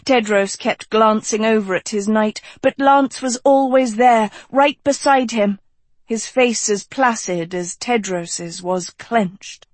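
An audiobook narrator reading a fantasy novel in a measured, unhurried storytelling manner. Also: medium pitch, dry recording.

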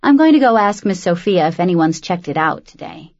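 A woman reading a brisk, decisive teenage girl in an audiobook, on a dull lo-fi recording. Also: on the low side, lively intonation, darkish tone.

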